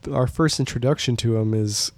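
A man's voice: medium pitch, brisk, a little mellow, dry recording. A young man casually discussing a film, easygoing and agreeable with frequent ums. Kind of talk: casual film review chat.

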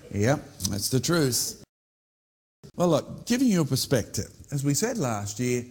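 A man's voice: mid-range voice, a little mellow, slightly rough. A man presenting a teaching talk in an informal storytelling manner, often putting questions to the viewer. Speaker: creationist presenter.

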